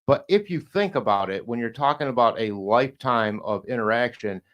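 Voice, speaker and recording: A man of ordinary pitch chatting as a podcast guest. He rambles and circles back, stumbling over restarts. His talk is loose and blunt, with the odd swear. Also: animated, fairly bright tone, highs cut off. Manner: rambling, halting, many restarts, swears and laughs. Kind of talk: casual podcast chat.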